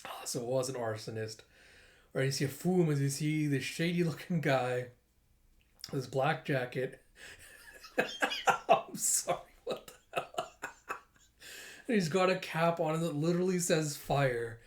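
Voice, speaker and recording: A manga reader narrating a comic chapter casually, animated and giggly, reading out sound effects. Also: mid-range voice, normal speed. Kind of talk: casual comic read-through.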